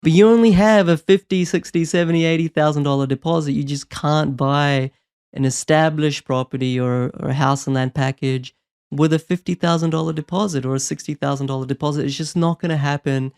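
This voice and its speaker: A man coaching on property investment, talking in an energetic, persuasive way and often checking in with "right?". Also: a little high, a little fast, smooth. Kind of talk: motivational advice talk.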